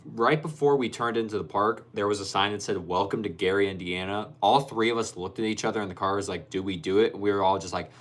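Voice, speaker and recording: A man's voice: lowish voice, fast talker, hardly any pauses. A young man hosting a casual livestream, reading viewer comments aloud and laughing often. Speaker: livestream host reading chat. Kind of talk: casual live-stream chat.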